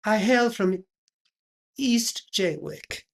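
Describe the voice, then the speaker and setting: A woman's voice: mid-range voice, expressive, drawn-out words, creaky, full character voice. A woman playing a pompous aristocratic lady who hosts a chat show, affected and drawling, dropping French phrases. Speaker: host.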